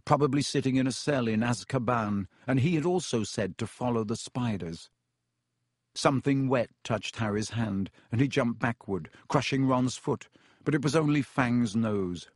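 A man narrating a children's fantasy audiobook in a steady, measured reading. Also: mid-range voice, no room sound, studio quality. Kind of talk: scripted narration.

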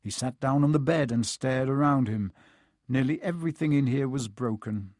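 A man narrates a storybook with measured, expressive pacing. His voice sits at a middle pitch. It is dry and close with no room sound. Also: no echo. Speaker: audiobook narrator.

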